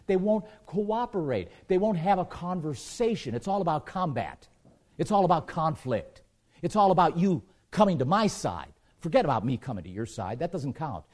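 Animated, emphatic male preacher. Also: on the high side. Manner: emphatic, repeats phrases for stress. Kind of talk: sermon.

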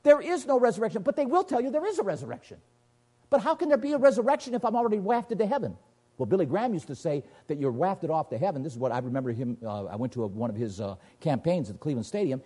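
Male preacher, high animated delivery, husky dark tone, emphatic and questioning. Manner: emphatic, rhetorical questions, sweeping pitch swings. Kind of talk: sermon.

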